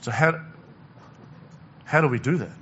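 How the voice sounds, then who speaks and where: A man's voice: medium pitch, a little slow, a bit bright, highs cut off, a little hiss or hum. A male pastor preaching a conversational sermon, asking the congregation questions and repeating words as he goes.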